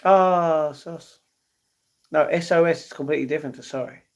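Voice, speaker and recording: A man's voice: fairly high pitch, moderate pace. A man chatting casually on his live stream, answering viewers' messages and talking to his pets between replies.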